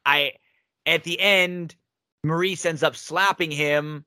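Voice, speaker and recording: A man's voice: on the high side, fairly even intonation, slow, sharp tone, smooth, no echo. Opinionated man in dry casual chat. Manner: opinionated, frequent restarts and fillers. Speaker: wrestling podcast co-host. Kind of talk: casual chat reviewing wrestling.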